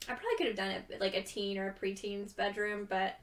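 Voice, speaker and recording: A woman's voice: medium pitch, steady tone, fast talker, distant mic. A young woman chatting casually and rambling with giggles, tired from too little sleep. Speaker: gaming video creator. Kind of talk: casual chat over gameplay.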